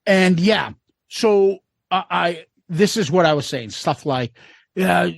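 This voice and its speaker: A man's voice: high voice, expressive, slow pace, vocal fry, no room sound. A man in his fifties co-hosting a casual podcast, telling a rowdy story full of swearing and laughter and acting out the voices in it. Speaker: podcast co-host.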